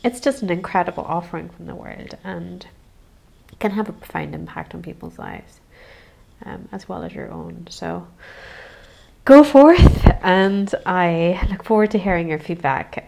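A woman hosting a self-help podcast, talking in a gentle, searching way with many pauses and soft hedges. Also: on the low side, vocal fry. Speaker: podcast host. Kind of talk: reflective self-help monologue.

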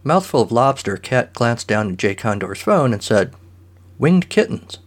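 A man's voice: medium pitch, lively intonation, normal speed. A man narrating a comic short story in a dry, matter-of-fact way.

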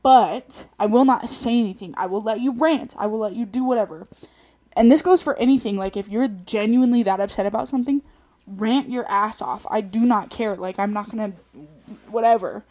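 A woman's voice: fairly high pitch, brisk, a little mellow. A young woman telling personal stories in a casual solo monologue, chatty and laughing often, venting animatedly. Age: young adult. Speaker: podcast host.

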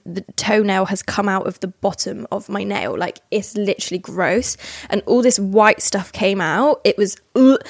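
Woman, young, casual solo podcast host, chatty and animated, lots of restarts. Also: medium pitch.

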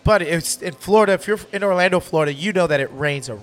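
A man in his thirties hosting a casual podcast chat at a bar, animated and motivational, leaning on the word literally. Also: high-pitched, fast. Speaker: podcast host.

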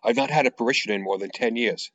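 A man's voice: mid-range voice, fast talker, a bit bright, no room sound, lo-fi sound, close to an everyday voice. A man voicing a weary, bitter middle-aged priest in a reading of his own novel, in a sad, world-weary manner. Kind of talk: author reading aloud.

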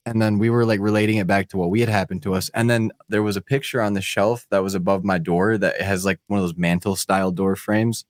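Low-voiced man chatting casually. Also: fast, hardly any pauses, no room sound, studio quality. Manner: relaxed, casual, swears. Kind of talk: casual chat.

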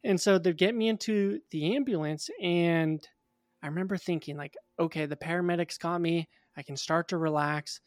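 A young man in his twenties, a guest in an interview, telling a personal story in a casual, animated way. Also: fairly high pitch, normal speed, dry recording, clean studio sound.

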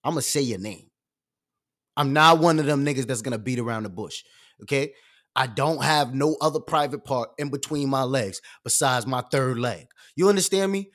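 A young man hosting a live stream, ranting with heavy slang and swinging from loud bursts to low asides. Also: moderate pace. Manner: profane, streetwise slang. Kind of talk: animated rant on a live stream.

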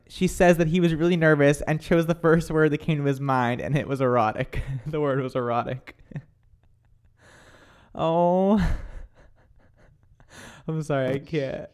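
A man's voice: a little high, unhurried, clean tone. A man hosting a casual radio-style chat, reading listener texts aloud and laughing often. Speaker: host.

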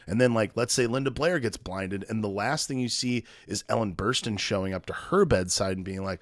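A man's voice: on the low side, a little fast, hardly any pauses, dry recording, studio quality. A man co-hosting a podcast, chatting casually about a movie and adding wry, sarcastic asides. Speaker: podcast co-host. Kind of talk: casual movie review chat.

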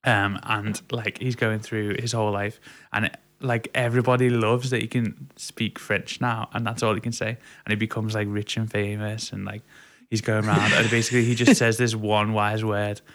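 Rambling young man with a low voice. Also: level tone, moderate pace, few pauses, fairly bright tone. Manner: rambling storyteller, many fillers like "like" and "um". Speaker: podcast co-host. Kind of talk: casual chat.

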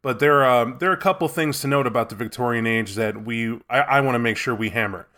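Podcast guy with a bright sharp voice, jokey dry banter. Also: medium pitch, fast talker. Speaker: podcast co-host. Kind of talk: casual chat.

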